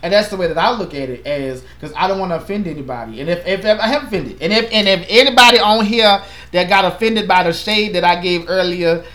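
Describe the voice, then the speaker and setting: Male pastor, fairly high voice, earnest and passionate, echoey room. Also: fast talker, hardly any pauses. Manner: earnest, passionate, animated with playful asides. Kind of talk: casual chat.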